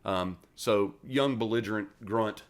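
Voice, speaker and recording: A retired Marine from West Virginia in his 40s appears as a podcast guest for a casual storytelling interview. His voice is deep and a little slow, and he's a profane, animated storyteller who acts out quoted dialogue.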